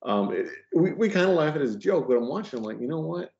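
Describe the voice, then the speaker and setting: Very fast and swinging widely in pitch, this man's voice sits on the high side with a little mellowness. He's a comic book letterer guesting on a podcast in casual chat, rambling with many fillers and restarts over dull lo-fi audio.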